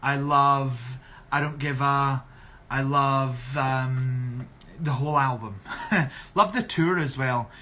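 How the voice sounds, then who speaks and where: A man's voice: mid-range voice, slow, pushed and bright. A young Scottish man on a casual live stream, reading out viewer questions and answering in a chatty, sarcastic way. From Scotland. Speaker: drag performer on a live stream.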